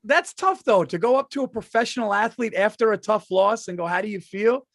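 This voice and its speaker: A middle-aged man co-hosting a podcast, telling animated stories and acting out quotes in casual chat. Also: high-pitched, fairly quick, gravelly, dry recording. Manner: animated storyteller, acts out quotes. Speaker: podcast co-host.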